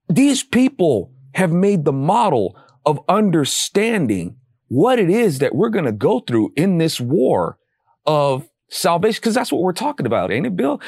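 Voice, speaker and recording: A man speaking about faith with a lively, swinging pitch and a slightly high voice. His delivery is casual and preacher-like, dropping into slang. The sound is close and dry. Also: vocal fry, no echo.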